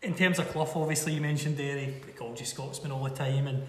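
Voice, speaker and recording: A man's voice: mid-range voice, steady tone, fast talker, a bit bright. A man interviewing a guest in a conversational way, asking leading questions. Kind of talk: casual interview. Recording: distant mic in echoey room, long reverb.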